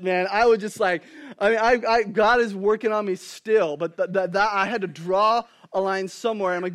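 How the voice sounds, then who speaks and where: Speaking at a normal speed in a high-sitting voice, this thirty-something man delivers a sermon as a pastor. He tells stories about his family, swinging animatedly from hushed tones to loud ones.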